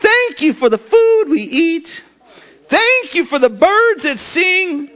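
A woman's voice: extremely high pitch, big pitch swings, takes it slowly, pitched above the performer's own voice, heavily acted. A man voicing a housewife who recites a rote prayer in a nasal sing-song. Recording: dull lo-fi recording.

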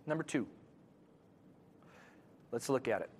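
A man preaching a sermon to his congregation, moving between quiet scripture reading and loud, animated emphasis. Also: mid-range voice, slow, a little hiss or hum. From Wisconsin, USA. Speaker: pastor.

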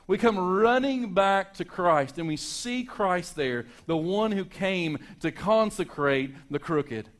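A male pastor delivering a Sunday morning sermon, rising to loud emphatic peaks and dropping to hushed, quiet passages. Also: high-pitched, expressive, slow, few pauses. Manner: dynamic preaching, swinging from loud to hushed.

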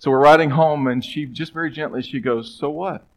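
A middle-aged man preaching a sermon as pastor, conversational and emphatic, with pauses and stressed phrases. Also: medium pitch, background noise.

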